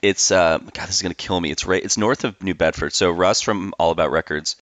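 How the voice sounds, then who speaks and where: A man's voice: low-pitched, a little fast, a bit bright, no room sound. A man in his forties hosting a podcast over a video call, loose and joking, swearing casually while reminiscing. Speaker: podcast host. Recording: dry, dull lo-fi call audio.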